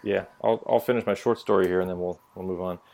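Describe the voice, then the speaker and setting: A man's voice: low-pitched, steady tone, quick pace, vocal fry, a little mellow. A young man telling stories on a casual opinion podcast, blunt and profane. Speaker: podcast co-host.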